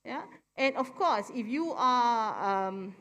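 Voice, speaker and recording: Long convention-centre reverb surrounds a middle-aged woman with a Malaysian English accent giving a public forum talk. A little high, fairly bright, and lively in intonation, she explains plainly and slowly, often asking "right?" to check understanding and agreement.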